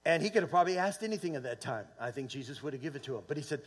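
A man preaching a church sermon, rising into loud fervent swells and calling for amens, often repeating and restarting words. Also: on the high side, expressive, racing, few pauses, husky. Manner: fervent preaching with swells of volume and call-and-response. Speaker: pastor. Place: church sanctuary.

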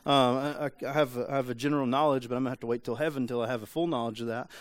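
A man's voice: medium pitch, steady tone, rapid-fire, no room sound. A man preaching a sermon in a church, talking in a loose conversational way with frequent restarts and rhetorical questions. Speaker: pastor. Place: church sanctuary.

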